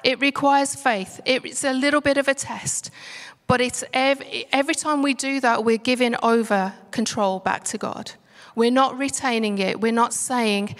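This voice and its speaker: A woman preaching a sermon in an earnest, measured way, slowing down to stress key words. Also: a little high, steady tone. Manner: earnest, measured, slows for emphasis. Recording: music under voice, long reverb.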